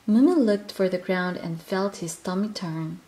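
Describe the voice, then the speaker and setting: A woman reads a children's picture book aloud, slowly and gently. Her pitch sits mid-range and she gives each line a soft expressive lift. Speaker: storyteller.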